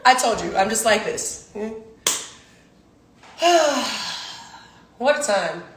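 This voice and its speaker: A young woman in her twenties with a high voice holds forth on a phone livestream. She rants in a profane, emphatic, preachy way, a professional athlete airing her grievances. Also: animated, drawn-out words. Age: 20s. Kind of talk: livestream rant.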